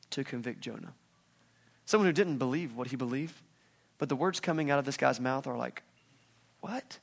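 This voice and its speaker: Animated man preaching a casual sermon. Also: fairly high pitch, gravelly. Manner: animated, acts out quoted voices. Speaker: pastor.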